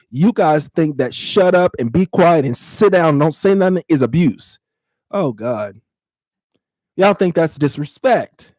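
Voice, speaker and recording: A man's voice: on the high side, darkish tone, no room sound, clean studio sound. A man in his thirties hosting a casual podcast, talking bluntly to his live chat, teasing and laughing often. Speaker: podcast host.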